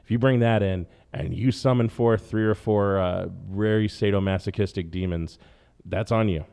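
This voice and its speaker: A man's voice: on the low side, normal speed, dark tone, smooth. A man hosting a podcast, talking in a loose, profane, rambling comedic monologue that keeps wandering off on tangents. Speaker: podcast host.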